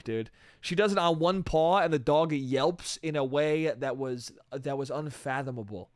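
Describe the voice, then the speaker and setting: A young man hosting a comedy podcast, telling a story in animated, profane, slangy style with lots of quoted voices. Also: on the high side, dry recording, studio quality.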